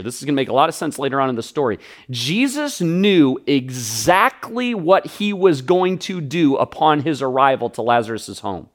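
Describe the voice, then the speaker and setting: Animated man preaching a sermon. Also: a little high. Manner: animated, repeats words in quick restarts; acts out the people in the story. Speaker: pastor.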